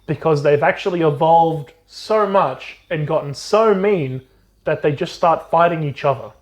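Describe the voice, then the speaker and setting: Male podcast co-host, slightly high pitch, loose chatty recap style. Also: measured pace. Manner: animated retelling with swearing and silly character voices. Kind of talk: casual book recap chat.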